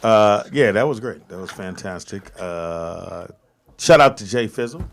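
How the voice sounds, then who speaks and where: A man's voice: fairly low pitch, expressive, a little slow, creaky. A man hosting a casual radio show, joking with his co-hosts. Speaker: host.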